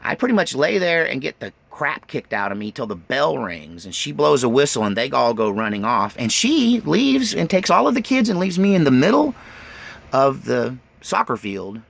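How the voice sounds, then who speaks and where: Gravelly man telling his life story. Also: mid-range voice, normal speed. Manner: animated, rambling storytelling.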